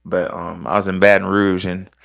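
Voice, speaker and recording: Laid-back low-voiced male podcast host. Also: flat delivery, moderate pace, vocal fry, fairly bright tone, dry recording, studio quality. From American South. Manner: loose, profane storytelling. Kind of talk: casual chat.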